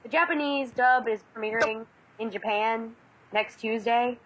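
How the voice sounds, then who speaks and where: A woman's voice: a little high, measured pace, a bit bright, rough recording. A woman in her twenties co-hosting a casual podcast over a Skype call, bantering and laughing easily while reading the news. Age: 20s.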